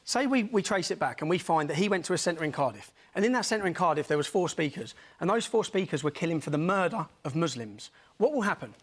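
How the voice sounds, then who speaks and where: Fast, insistent man. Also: on the high side, lively intonation. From England. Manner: insistent, talks over the host, repeats demands to finish. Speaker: guest. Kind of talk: heated TV debate.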